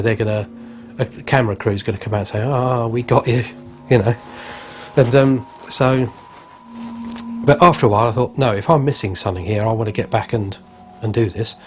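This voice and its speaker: A man with a London accent, giving a rambling, earnest first-person account as a witness. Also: medium pitch. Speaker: UFO witness.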